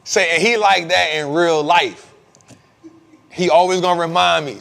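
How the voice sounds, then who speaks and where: A man's voice: a little high, steady tone, normal speed, gravelly, long pauses, a bit bright. Slangy laid-back male show host. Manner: laid-back slangy talk, many fillers. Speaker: host of a live investing show. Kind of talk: casual live-stream Q&A.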